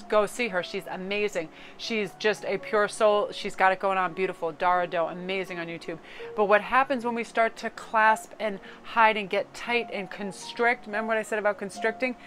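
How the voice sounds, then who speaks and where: A chatty middle-aged woman from Connecticut reads tarot cards in a loose, rambling way, swearing casually and joking around. Her voice sits at an ordinary middle pitch, and a faint hiss of noise runs under the recording. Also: rough recording. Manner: chatty, animated, swears casually, slips into joke accents. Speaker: tarot reader. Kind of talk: casual tarot card reading.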